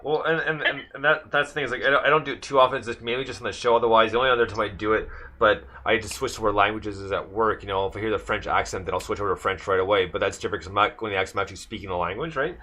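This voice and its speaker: Bright-toned male radio host, rambling. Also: on the low side, rapid-fire, few pauses. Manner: rambling, stammering restarts, laughs a lot. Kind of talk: casual radio chat.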